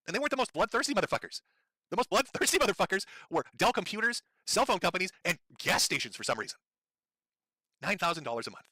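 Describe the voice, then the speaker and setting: A man ranting on a live stream, angry, profane and sarcastic, his throat strained from yelling. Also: high voice, big pitch swings, quick pace, no room sound.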